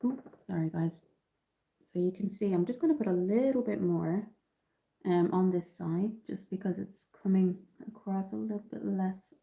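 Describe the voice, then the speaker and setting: A woman's voice: mid-range voice, normal speed, creaky, dark tone, rough recording. A woman from Dublin with an Irish accent, chatting through a live makeup tutorial and answering viewers, slightly nasal from an oncoming cold. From Ireland. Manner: chatty, reads out and answers viewer comments, many ums. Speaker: makeup livestream host.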